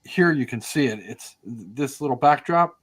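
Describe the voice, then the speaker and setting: Older American man, podcast guest, mid-pitched, chatty and rambling, plenty of ums and false starts. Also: lively intonation, moderate pace. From United States. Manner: rambling, many fillers and restarts. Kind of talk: casual conversational storytelling.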